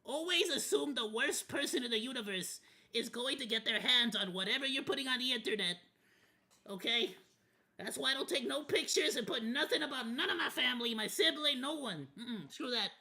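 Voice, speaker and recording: A man's voice: very high voice, expressive, a little fast, bright, forceful tone. A man streaming a watch party, rambling through casual commentary in a candid, loosely profane way. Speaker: VTuber streamer.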